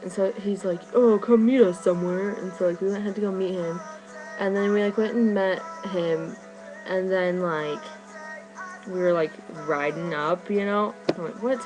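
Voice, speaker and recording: A teenage girl vlogging to her webcam, telling a story excitedly and rambling with "like" in nearly every phrase. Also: fairly low pitch, moderate pace, poor audio. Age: teens. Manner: rambling, fillers, "like" constantly. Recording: music playing behind her.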